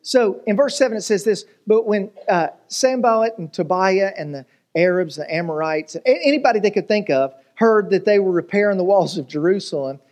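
A man's voice: high-pitched, animated, brisk, a little mellow. A man preaching a sermon as pastor, telling jokes and stories and asking the congregation rhetorical questions.

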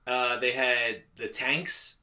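Bright-voiced rambling podcast host. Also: male voice, medium pitch, steady tone, slow. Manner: rambling, filler-heavy, profane. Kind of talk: casual podcast chat.

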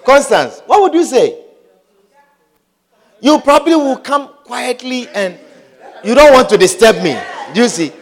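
A man's voice: extremely high pitch, sing-song, measured pace, pauses often. A pastor preaching a sermon. He repeats key phrases for emphasis and keeps asking the congregation whether they understand.

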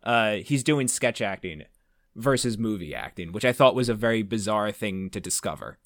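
A man co-hosting a casual movie podcast, talking through films in a measured, analytical way. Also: lowish voice, lively intonation, no room sound, studio quality. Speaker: podcast co-host. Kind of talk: casual movie-review chat.

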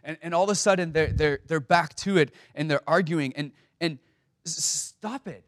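A man's voice: fairly high pitch, normal speed. A man giving a sermon as a pastor, speaking conversationally with many stammered restarts and fillers.

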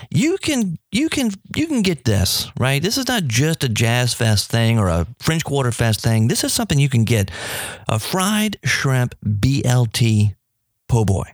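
A man talks food on his radio show, rambling and enthusiastic, his voice leaping up whenever something delights him. His middle-pitched voice sits in a dry, close sound. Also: dry recording. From New Orleans. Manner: enthusiastic, rambling, pitch jumps when excited. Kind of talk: radio talk about food.

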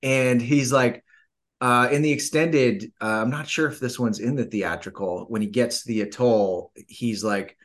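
A man's voice: mid-range voice, measured pace. Male podcast guest, thoughtful and searching for words, mid-range voice, casual film talk.

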